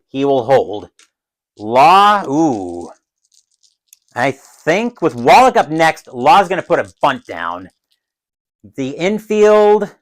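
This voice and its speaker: A man calls a tabletop baseball game like a broadcast announcer. His voice sits a bit high and swings widely in pitch. He grows loud and excited when a big play comes. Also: low-quality recording. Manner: excited, rises sharply on big plays; adds his own crowd cheers. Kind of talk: solo play-by-play commentary of a dice baseball game.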